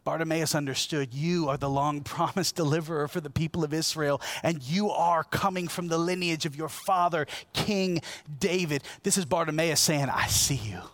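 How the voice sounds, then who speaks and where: A man preaching a sermon in a lively, conversational way, asking his congregation questions and swinging between loud, emphatic peaks and quiet, low lines. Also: normal speed, no echo. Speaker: pastor.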